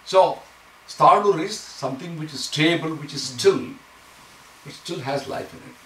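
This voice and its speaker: A man teaching a scripture class, explaining Sanskrit verses word by word and chanting lines slowly. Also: a little high, fairly bright tone. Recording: echoey room, mic far off, faint noise.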